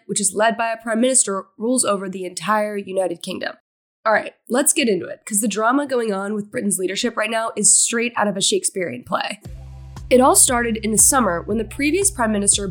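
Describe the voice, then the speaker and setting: Breezy woman news correspondent. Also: mid-range voice. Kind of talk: scripted explainer narration.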